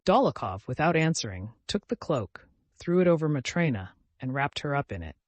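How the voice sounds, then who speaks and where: A man narrating an audiobook in a measured storytelling voice. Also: on the high side, big pitch swings, no echo. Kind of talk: scripted narration.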